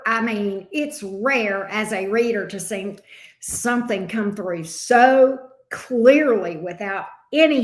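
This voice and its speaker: Slow, chatty tarot reader woman. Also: fairly high pitch. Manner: chatty, repeats questions while shuffling. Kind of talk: live-stream tarot reading. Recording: roomy echo.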